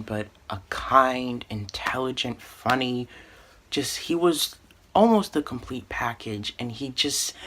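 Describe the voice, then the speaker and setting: A man's voice: medium pitch, fairly bright tone, slight background noise. A young man telling a personal story in a casual storytime vlog, earnest and heartfelt, rambling with restarts. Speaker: storytime vlogger.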